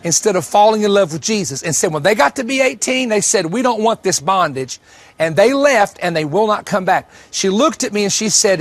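A man's voice: sits high, lively intonation, a little fast. A man preaching a sermon, telling stories and repeating key lines for emphasis. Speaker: pastor.

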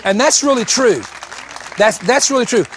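A man's voice: very high-pitched, animated, normal speed, a bit bright, some chatter behind, a little hiss or hum. A man preaching a sermon, telling stories and repeating key lines for emphasis. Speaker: pastor.

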